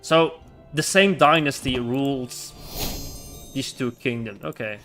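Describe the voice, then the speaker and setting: Bright-voiced man streaming a game. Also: mid-range voice, takes it slowly, soft background music. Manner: excitable, reacts aloud with laughs. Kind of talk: live gameplay commentary.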